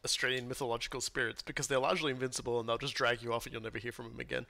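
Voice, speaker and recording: A man streaming a game, joking in quick banter with friends. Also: mid-range voice, level tone, vocal fry, sharp tone. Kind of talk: casual gaming chat.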